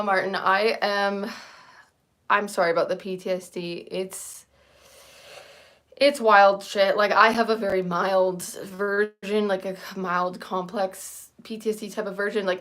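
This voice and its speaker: A woman's voice: mid-range voice, fairly bright tone. Rambling, self-deprecating woman in her thirties. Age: 30s. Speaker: livestream host. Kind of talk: casual livestream chat.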